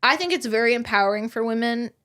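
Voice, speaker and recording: A young woman co-hosting a podcast, telling a story in a blunt, animated way, swearing freely. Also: a little high, fast. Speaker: podcast co-host. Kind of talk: casual chat.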